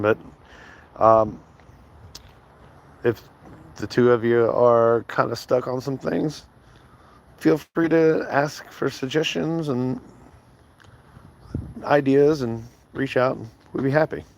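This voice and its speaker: A man's voice: mid-range voice, slow, gravelly, pauses often, a little hiss or hum. A man chatting casually on a stream as game master, rambling with plenty of fillers.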